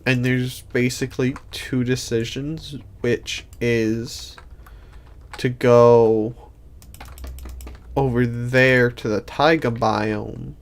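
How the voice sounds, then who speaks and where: Sleepy and yawning, a man streams a game with casual commentary, rambling, thinking aloud and restarting often. His mid-range voice is creaky.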